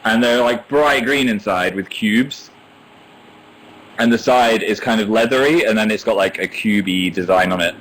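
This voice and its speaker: A man's voice: fairly low pitch, a bit bright, slight background noise, low-quality recording. A young British man hosting a casual livestream from home on a laptop microphone, reading viewer comments aloud and chatting in a self-mocking way. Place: indoors at home. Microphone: laptop webcam microphone.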